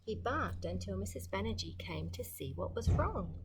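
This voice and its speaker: A woman's voice: mid-range voice, background noise. An Australian woman reading a picture book aloud to children, stopping to comment and ask questions. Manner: expressive, pauses to comment and ask the listener questions. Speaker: storyteller.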